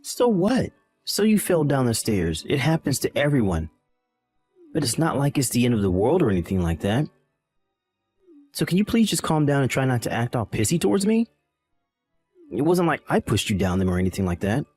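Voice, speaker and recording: A man's voice: medium pitch, sing-song, normal speed, pauses often, darkish tone, soft background music. A man voicing a callous young husband in a text-message drama, irritated and condescending. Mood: dismissive.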